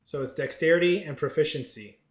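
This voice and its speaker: A man narrating as game master of a tabletop game, halting often with fillers and restarts. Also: a little high, reverberant.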